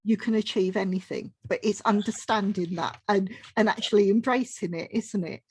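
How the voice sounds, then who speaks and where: A woman's voice: mid-range voice, moderate pace, a little mellow, breathy edge. A woman hosting an interview podcast, enthusiastic and restarting her sentences as she talks. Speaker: interview host.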